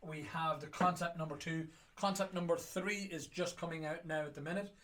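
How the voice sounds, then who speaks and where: A man's voice: fairly high pitch, steady tone, brisk, a bit bright. An Irish man hosting a whiskey auction chat, talking casually in a jokey, rambling way.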